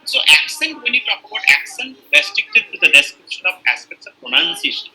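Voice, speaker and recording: A man's voice: very high voice, wildly swooping pitch, fairly quick, gravelly, bright, forceful tone, a little hiss or hum, poor audio. A middle-aged man giving an online lecture, explaining step by step with many fillers and restarts.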